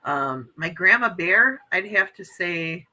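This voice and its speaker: Very bright-voiced effusive woman in her fifties. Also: fairly low pitch, expressive, takes it slowly, poor audio. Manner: effusive, gushing exclamations. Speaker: livestream host. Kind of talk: casual morning chat reading viewer comments.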